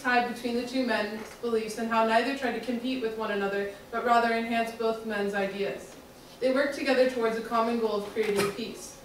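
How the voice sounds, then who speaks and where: Young woman reading a report, echoey. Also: a little high. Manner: reads aloud steadily. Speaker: student presenter. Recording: echoey room from far off, faint noise.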